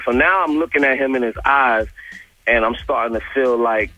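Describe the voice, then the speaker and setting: A man in his thirties with a New York accent, calling in to a radio show and telling a story in an animated, slangy way. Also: mid-range voice, moderate pace. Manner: animated, retells quotes in a slangy street style. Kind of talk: casual storytelling on a call-in. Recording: muffled radio phone-in audio.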